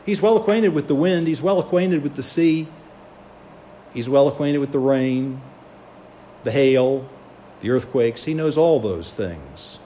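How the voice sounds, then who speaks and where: A man's voice: medium pitch, expressive, measured pace, long pauses, mellow, a little hiss or hum. A man preaching a sermon, telling a story and acting out the voices of its people. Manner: storytelling, acts out quoted voices.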